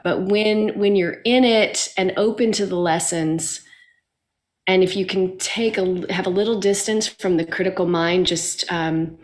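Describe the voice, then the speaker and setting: A woman guest in a casual conversation, speaking in a reflective, earnest and upbeat way. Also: fairly low pitch.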